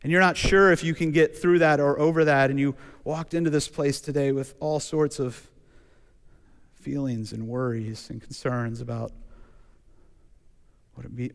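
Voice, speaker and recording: A man preaching a sermon in a relaxed, conversational way, telling stories and acting out quotes. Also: medium pitch, gravelly. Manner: conversational, animated storytelling with acted quotes. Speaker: pastor. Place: church sanctuary. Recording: church hall reverb.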